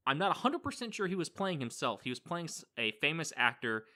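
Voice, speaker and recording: Male podcast co-host, rambling casual movie chat, bright tone. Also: a little high, sing-song, fairly quick. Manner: loose, rambling, swears casually.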